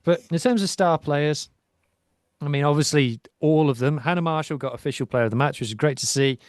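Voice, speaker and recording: A man's voice: a little high, fairly quick, dry recording. Enthusiastic man, dry close sound. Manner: enthusiastic, rambling with many ums. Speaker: podcast co-host. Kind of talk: casual sports chat.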